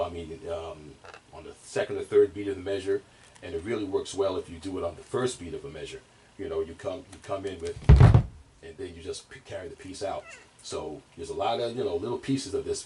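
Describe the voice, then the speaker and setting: Heard through a distant mic over playing drums, a man teaches drumming in a brisk, low, slightly mellow voice. His casual instruction wanders, full of fillers and restarts, and there's a little hiss or hum.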